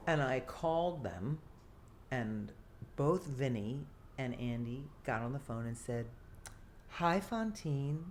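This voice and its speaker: Very deep-voiced older actress storyteller. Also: female voice, unhurried, a little hiss or hum. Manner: animated, theatrical storyteller who acts out quotes. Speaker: guest actress. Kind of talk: casual interview storytelling.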